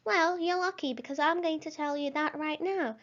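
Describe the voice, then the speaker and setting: High-pitched lady teacher, slow careful repeat-after-me drills, kinda muffled lo-fi audio. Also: a bit bright. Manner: slow, encouraging, carefully pronounced. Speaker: language teacher. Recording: slightly dull lo-fi recording.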